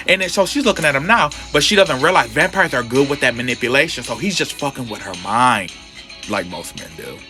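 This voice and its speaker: A man recaps a comic book story in a sassy, campy way, tossing in slangy asides. His voice is bright and forceful, and faint music plays underneath. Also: mid-range voice.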